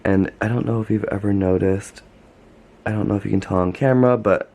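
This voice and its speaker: A man's voice: fairly low pitch, fairly even intonation, a little fast, mellow. A man giving a casual tour of his houseplants at home, gushing and chatty, with lots of "like" in his speech. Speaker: plant vlogger.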